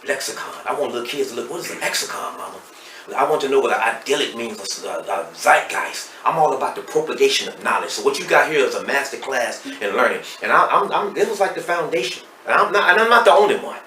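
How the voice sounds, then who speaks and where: A middle-aged man with a Texas accent, speaking as a podcast guest and telling his story candidly and emotionally, swinging between loud and hushed. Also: mid-range voice, lively intonation, fast, distant mic. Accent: Southern US, Texas. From Dallas, Texas. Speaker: podcast guest, hip hop artist. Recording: roomy echo, off-mic, faint noise.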